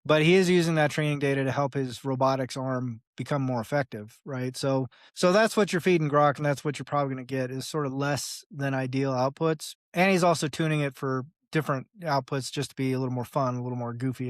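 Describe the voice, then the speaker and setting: A medium-pitched man talks quickly with hardly any pauses, in a studio-quality recording free of room sound. He's a podcast guest having a casual conversational interview, rambling, repeating "like" and "right?", and animatedly acting out dialogue in assorted voices.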